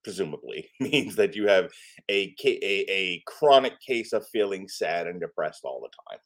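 A man's voice: low-pitched, lively intonation, normal speed, a bit bright. A man co-hosting a podcast, reviewing a comic book in casual, joking chat and playfully teasing his co-host.

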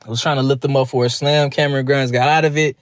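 A man's voice: mid-range voice, steady tone, no echo, studio quality. A man giving a casual, rambling recap review of a wrestling show, chatting loosely with lots of asides. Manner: rambling, chatty, slips into quick mock voices.

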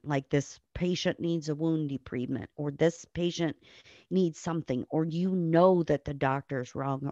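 A woman's voice: deep voice, a little mellow, no echo, highs cut off. A nurse, a woman guest on a podcast, telling blunt stories full of swearing and acting out the people she quotes. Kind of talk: casual storytelling on a podcast.

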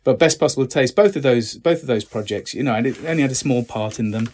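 Husky-voiced man chatting easily. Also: medium pitch, fast talker. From Britain. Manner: relaxed, self-deprecating, many restarts. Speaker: actor, interview guest. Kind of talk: casual interview chat.

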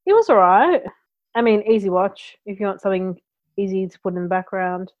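A woman's voice: mid-range voice, expressive, brisk, muffled recording. A woman co-hosting a podcast in casual, playful chat. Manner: easygoing, playful. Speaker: podcast co-host.

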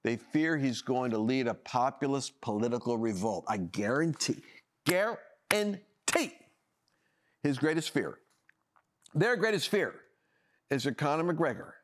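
A man's voice: medium pitch, lively intonation, normal speed. A man hosting a political talk show, delivering opinionated commentary with emphatic, sarcastic emphasis and frequent restarts.

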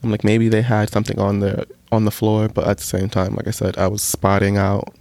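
A man with a lowish, gravelly voice tells a candid story in a loose, chatty way, scattering fillers and playing out his own reactions in quotes. The sound is dry and close, with no room around it. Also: completely flat delivery, brisk, a little mellow, no room sound. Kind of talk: casual storytelling monologue.

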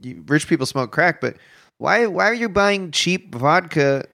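Young Canadian man, podcast co-host, slightly raised pitch, strained voice, rambling and animated, laughs easily. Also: unhurried, gravelly. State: voice sounds unusual, strained. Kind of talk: casual comedic chat.

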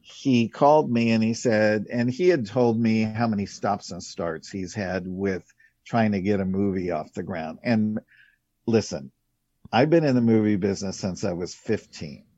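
Older male casting director, unhurried storyteller with a dark, low voice. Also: dry recording. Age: 60s. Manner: rambling, anecdotal, many fillers. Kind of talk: casual interview storytelling. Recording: dull lo-fi, dry.

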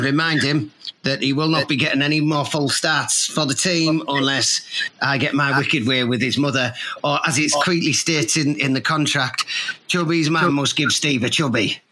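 Crude boastful club chairman, played by a man, bright forceful voice, slightly high, faint hiss behind. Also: low-quality recording. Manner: crude, boastful, laughs at own jokes. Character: crude lecherous older football club chairman. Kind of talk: comedy sketch impression.

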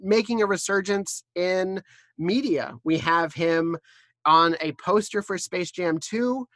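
An enthusiastic podcast host leads a casual interview, quick and loose in phrasing. The voice sits at a middle pitch, and the recording is dry and close. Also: a bit bright, no echo.

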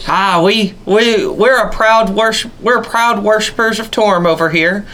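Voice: mid-range voice, unhurried, a bit bright, pitched above the performer's own voice, close to an everyday voice. A game master voicing a welcoming, folksy male tribal king of a roaming tribe in a tabletop game. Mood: jovial.

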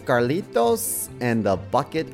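A man's voice: medium pitch, very animated, measured pace, vocal fry, faint music behind. A man co-hosting a comedy podcast, reading a silly story aloud in a playful way. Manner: playful, giggly. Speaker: podcast co-host.

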